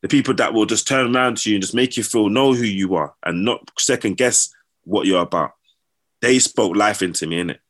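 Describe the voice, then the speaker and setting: In a lowish voice and at a brisk pace, a man tells stories in casual slang, animatedly playing out the things people said.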